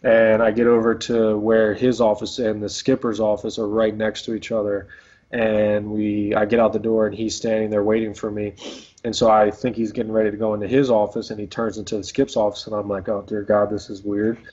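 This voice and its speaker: A man's voice: lowish voice, monotone, a little fast, darkish tone. A man in his twenties, a pro baseball player, telling a story casually in an interview with lots of fillers and restarts. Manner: rambling, filler-heavy, laid-back. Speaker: professional baseball player guest. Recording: dull lo-fi audio.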